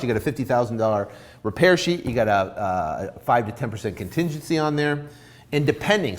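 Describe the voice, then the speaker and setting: A man giving informal coaching on real estate deals, acting out both sides of a negotiation. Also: a little high. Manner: animated, acts out both sides of a deal.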